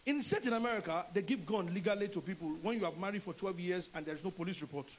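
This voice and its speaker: This is a middle-aged Nigerian man delivering a sermon, his voice sitting noticeably high. He preaches with animation, dropping into little acted voices for the people in his stories. A faint hiss runs under the recording. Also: fast, low-quality recording. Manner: animated preaching, acts out dialogue in changing voices. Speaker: pastor.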